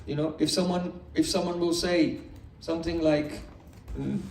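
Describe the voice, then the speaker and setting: Man, spiritual teacher, patient explanations, gentle humor, reverberant room. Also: on the high side, normal speed, few pauses. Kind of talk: morning scripture class. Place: indoor hall with a live audience. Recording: echoey room, distant mic.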